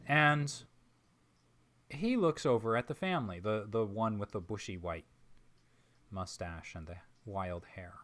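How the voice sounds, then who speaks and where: Slow, measured man narrating a game. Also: lowish voice, a bit bright. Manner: measured, descriptive, with frequent pauses. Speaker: game master.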